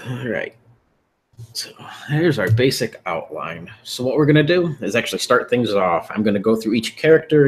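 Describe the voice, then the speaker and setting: A man with a fairly low, husky voice runs a tabletop game as game master. Laid back and quick to laugh, he patiently recaps the characters and sets the scene.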